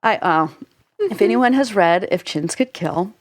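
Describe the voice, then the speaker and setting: A woman's voice: mid-range voice, animated, unhurried, no room sound. Dry-sounding chatty woman podcast host. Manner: chatty, explains at length with frequent "like" fillers and laughs. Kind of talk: casual podcast chat.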